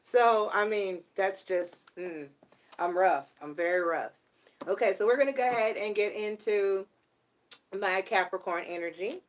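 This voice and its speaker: Blunt animated woman tarot reader. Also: mid-range voice, unhurried. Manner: blunt and animated, swears casually. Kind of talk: casual live tarot reading.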